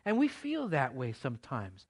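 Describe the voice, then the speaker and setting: A pastor preaching a sermon in church, in a conversational way with playful asides. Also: male voice, mid-range voice, wildly swooping pitch, normal speed, slightly rough.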